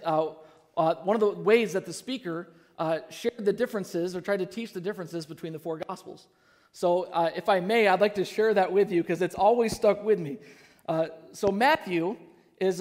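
High-voiced preacher in a reverberant hall. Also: male voice. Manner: animated, leads congregation in call-and-response gestures; frequent "uh" fillers when telling stories. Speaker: pastor. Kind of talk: sermon. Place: church sanctuary.

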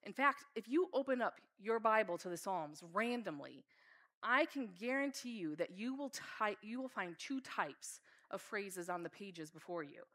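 A woman's voice: medium pitch, expressive, normal speed, a bit bright. A woman preaching a sermon in an earnest, heartfelt way. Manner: earnest, reads scripture aloud with feeling.

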